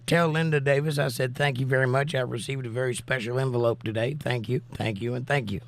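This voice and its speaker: Hosting a casual livestream, a man chats and reads viewers' comments aloud while his voice is still recovering from a cough. He speaks at medium pitch with fairly even intonation, quickly and with hardly any pauses.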